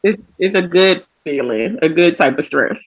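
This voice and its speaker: A woman's voice: lowish voice, animated, moderate pace, slightly rough, poor audio. A woman co-hosting a casual podcast chat, chiming in with supportive and teasing remarks. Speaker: podcast co-host. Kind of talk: casual chat among friends.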